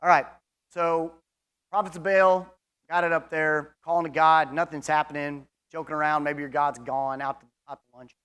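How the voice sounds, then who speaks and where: A man's voice: fairly high pitch, level tone, normal speed, fairly bright tone, smooth. A man teaching a Bible class in a casual, chatty way, reading scripture passages aloud between his own comments and asides. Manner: conversational, chatty, with asides and fillers.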